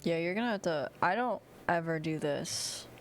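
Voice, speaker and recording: A woman's voice: on the low side, lively intonation, normal speed, soft background music. A young woman streamer chatting casually, profane and sarcastic, while she plays a game. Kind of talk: casual livestream chat over gameplay.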